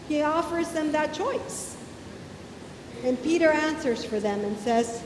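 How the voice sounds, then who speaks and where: A woman's voice: lively intonation, a little slow. A woman pastor giving a sermon in a church sanctuary, retelling a scripture story conversationally and acting out the quoted lines. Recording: echoey church hall with faint rumble.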